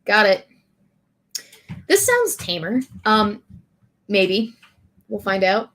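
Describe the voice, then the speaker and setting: A woman streamer reading lyrics aloud in a deadpan way and chatting with her audience. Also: medium pitch. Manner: slow, deadpan lyric reading with bursts of laughter.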